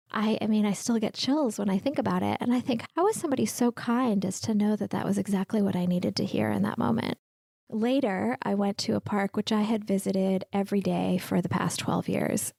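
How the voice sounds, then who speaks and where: A woman in her thirties hosts a podcast, sharing a personal reflection that is candid, heartfelt and emotional, tearful at times. Her mid-range voice has vocal fry and a darkish tone, recorded with no echo.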